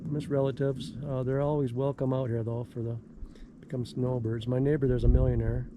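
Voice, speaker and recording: A man's voice: medium pitch, level tone, brisk, background noise. Folksy rambling man with mixed Minnesota-Georgia accent. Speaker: vlogger. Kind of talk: casual vlog chat. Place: outdoors on a desert ranch.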